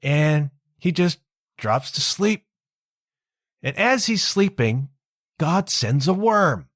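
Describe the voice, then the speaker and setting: Irreverent male podcast host, lively storyteller, dry close sound. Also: a little high, slow pace, no echo. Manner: animated, irreverent, conversational. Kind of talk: casual storytelling monologue.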